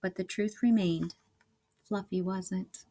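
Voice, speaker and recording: A woman reading a storybook aloud to children, expressive and laughing along. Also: mid-range voice, slow, slight background noise.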